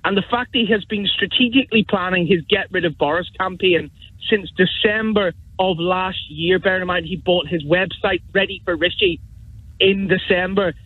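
A man rants scornfully down a tinny phone line to a radio phone-in, his voice pitched high. The sound is dry and husky, with little room around it. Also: dry recording. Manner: scornful, emphatic. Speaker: caller. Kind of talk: angry political rant on a phone-in.

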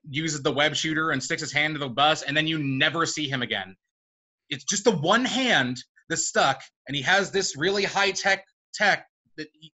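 Man, slightly high bright voice, sarcastic swearing debater. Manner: sarcastic, swears, mimics characters. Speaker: debater defending a film. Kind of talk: casual debate.

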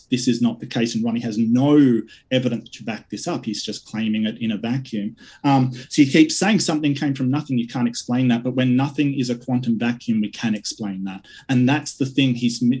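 A man's voice: medium pitch, darkish tone, breathy edge. A man giving a combative debate statement, piling up accusations against his opponent. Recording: distant mic at times.

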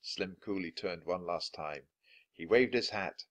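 A man reading a children's chapter book aloud, with clear, expressive narration. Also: deep voice, measured pace. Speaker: storybook reader.

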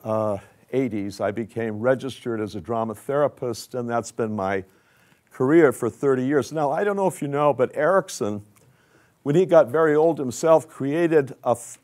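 Older male conference speaker, relaxed chatty lecture style, middle pitch. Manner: conversational, asks audience questions. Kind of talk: lecture with slides.

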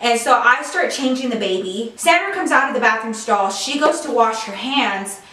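A woman's voice: on the high side, expressive, moderate pace, bright, forceful tone. A young woman vlogger telling a story in a casual, chatty way, filling her talk with "like.". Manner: chatty, heavy use of "like". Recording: echoey room from a distance.

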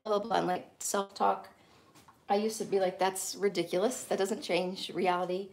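A woman's voice: medium pitch, flat delivery, moderate pace, a little mellow. A middle-aged woman, chatting casually and rambling to live-stream viewers while teaching painting.

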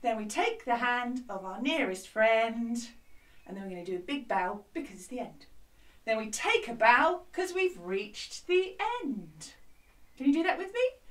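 A woman who is a music teacher, leading a lively children's music lesson from a hut, with a bright, encouraging, sing-song way of talking. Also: on the high side. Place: outdoor classroom hut. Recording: slightly distant mic with music behind.

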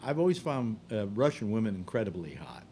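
A blunt man hosts a loose panel chat with a wide, lively swing in his voice. He jokes around and stumbles through restarts. A faint hiss runs under the recording. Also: lowish voice, fast. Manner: joking, blunt, trails off in restarts. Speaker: host.

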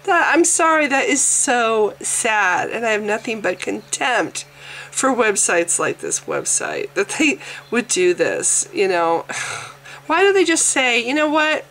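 A woman's voice: a little high, huge pitch swings, fairly bright tone, slight background noise. Sick woman ranting in exasperation. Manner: exasperated, mocking, quick to laugh. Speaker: atheist vlogger. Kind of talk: casual vlog rant.

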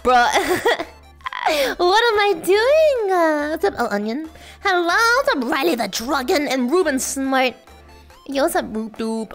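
A woman livestreamer chatting casually with her viewers, hyper and playful, often breaking into shouts and laughter. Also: high voice, animated, a little slow, faint music behind.

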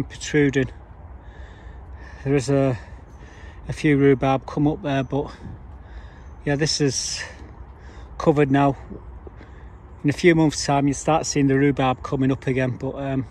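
With faint outdoor noise behind him, a man with a mid-range, darkish voice works his allotment garden and talks casually to the camera. This vlogger rambles along, tossing in dry, grumbling asides.

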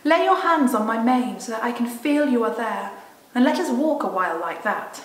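A woman voicing a great male lion who speaks in a soft, solemn, slow way. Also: fairly high pitch, lively intonation, reverberant, lightly acted, rough recording. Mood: sad.

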